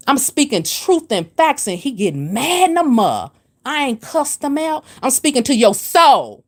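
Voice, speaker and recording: A woman's voice: high voice, big pitch swings, a little slow. Preachy woman scolding on a livestream. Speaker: spiritual livestream host. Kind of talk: livestream rant answering comments.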